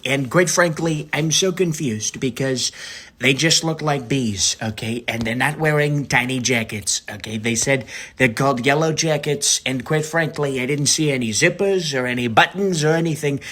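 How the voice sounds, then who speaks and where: Guy doing a bragging preschool trump kid, rambly, "okay?" after everything, mid pitch. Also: normal speed, a bit bright, natural voice. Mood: boastful. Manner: rambling, ends phrases with "okay?" and "quite frankly". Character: boastful preschool-aged boy Donald Trump. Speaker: comedian. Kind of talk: comedy impression sketch.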